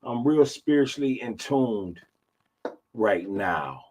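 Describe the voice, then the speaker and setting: Husky fifty-year-old man hosting a podcast. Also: medium pitch, animated, slow, a little mellow. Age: 50s. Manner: laid-back, drawling, repeats phrases, addresses listeners as y'all. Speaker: podcast host. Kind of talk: casual live podcast chat.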